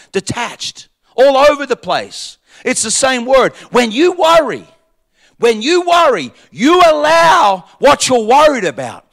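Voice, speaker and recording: In church, a pastor with a very high voice for a man delivers a sermon. He repeats key lines for emphasis, building to shouted points before dropping into quiet, conversational asides.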